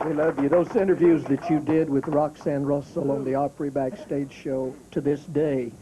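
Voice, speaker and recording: A man's voice: fairly high pitch, little pitch movement, normal speed, noisy background. A male host chatting casually on a TV show, teasing and laughing easily. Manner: playful, teasing, laughs readily. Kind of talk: casual TV chat.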